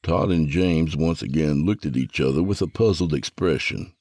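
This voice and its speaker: A man tells a first-person story in a very low, gravelly voice with a husky edge. The recording is dry and close, with no room sound at all. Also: normal speed, darkish tone, no room sound. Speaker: narrator.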